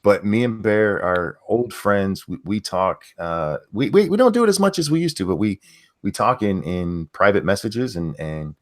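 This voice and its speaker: Male stream host, low voice, casual, profane, trips over his words. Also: animated, normal speed. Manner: rambling, stammering, profane. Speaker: host reading super chats. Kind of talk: casual livestream chat.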